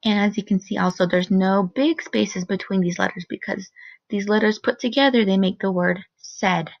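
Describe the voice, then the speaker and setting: Patient first grade teacher, slightly gravelly. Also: female voice, medium pitch, fairly even intonation. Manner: slow, clear, encouraging teacher talk with modeled expression. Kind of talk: recorded phonics lesson for children. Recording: dull, lo-fi sound.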